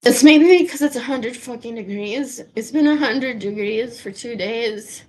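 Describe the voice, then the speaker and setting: Slow, high-voiced woman chatting on a livestream. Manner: chatty, swears freely, trails off and restarts. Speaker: livestream host. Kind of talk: casual rambling livestream chat.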